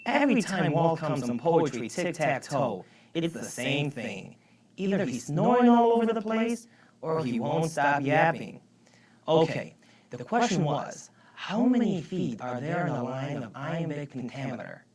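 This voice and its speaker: A woman's voice: low-pitched, very animated, a little slow, darkish tone, voice pushed down. A woman explaining a lesson in a chatty, upbeat teaching manner. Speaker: explainer on the show. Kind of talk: educational explanation. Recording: echoey and distant.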